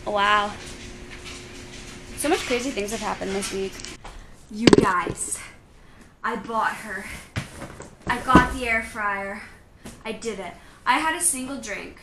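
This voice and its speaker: A young woman vlogging in a casual, chatty way, telling stories with lots of "like" and quick laughs. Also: mid-range voice, echoey room, heavy background noise. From Canada. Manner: bubbly, chatty storytelling with frequent "like" and laughs. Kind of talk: casual vlog chat.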